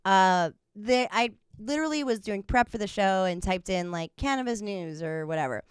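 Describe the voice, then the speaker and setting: Young woman co-host, loose giggly chatter, crisp voice, dry room. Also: mid-range voice, lively intonation, moderate pace, no echo. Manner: rambling, giggly, lots of fillers. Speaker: podcast co-host. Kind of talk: casual chat.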